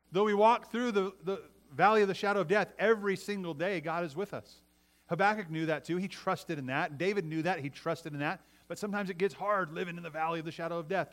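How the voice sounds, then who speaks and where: This middle-aged pastor sounds on the high side and fairly bright. He preaches in a talky style, repeatedly checking in with "right?" and starting phrases over.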